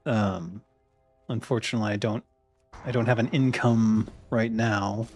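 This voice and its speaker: A man's voice: on the low side, fairly even intonation, measured pace, a little mellow, faint music behind. Man in his thirties, loose chatty streamer, lots of swearing and muttered asides. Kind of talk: casual chat while ordering food online.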